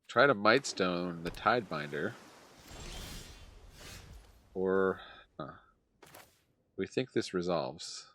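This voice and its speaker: Man, lowish voice, casual card-game play-by-play, desk mic with faint noise. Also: animated, takes it slowly, pauses often, a bit bright. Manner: chatty, muttering play-by-play with sighs and laughs. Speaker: gameplay commentator.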